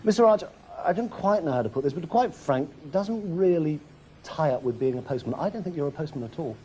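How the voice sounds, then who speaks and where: Dry, halting presenter. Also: male voice, fairly high pitch, expressive, mellow, slight background noise. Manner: dry, deliberate, halting delivery. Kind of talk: comedy sketch and studio links.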